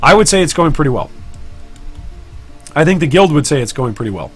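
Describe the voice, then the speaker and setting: A man's voice: on the high side, big pitch swings, fairly quick, breathy edge. Joking man streaming, faint music behind. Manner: joking, self-deprecating, chatty with viewers. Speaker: gaming streamer and guild leader. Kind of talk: casual live-stream commentary while trading.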